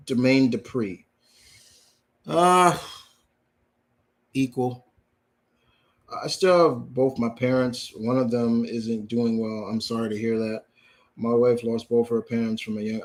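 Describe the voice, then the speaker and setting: Man in a plain middle voice, reads viewer questions and answers bluntly; casual live-stream host. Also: medium pitch. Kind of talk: live Q&A chat.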